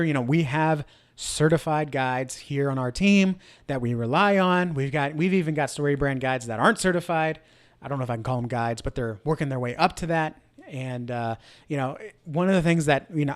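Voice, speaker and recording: A middle-aged man hosting a church marketing show, talking energetically to camera with many rhetorical questions. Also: fairly high pitch. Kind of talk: instructional talk to camera.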